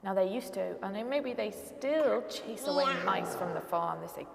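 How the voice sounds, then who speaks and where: A woman's voice: medium pitch, lively intonation, normal speed, gravelly, hardly any pauses, roomy sound, long reverb tail, crowd noise. A woman leading a toddler music session with nursery rhymes, songs and animal noises, coaxing the group to clap and join in. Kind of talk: sing-song rhymes and songs for small children. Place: church hall.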